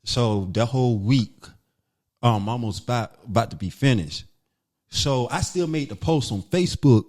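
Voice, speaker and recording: A comedian from North Carolina, appearing as a guest, tells a story casually and with animation, acting out what other people said. His voice is mid-range and his pace moderate.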